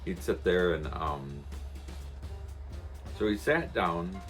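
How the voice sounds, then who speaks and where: A man's voice: low voice, expressive, takes it slowly, fairly bright tone, soft background music. A man chatting casually on his vlog, telling a rambling story with chuckles. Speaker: vlogger.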